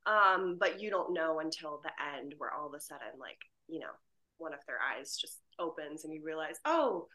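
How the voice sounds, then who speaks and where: A woman actress on an interview, chatting casually over a video call and laughing often while telling animated stories. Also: low-pitched, normal speed. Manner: giggly, animated storytelling.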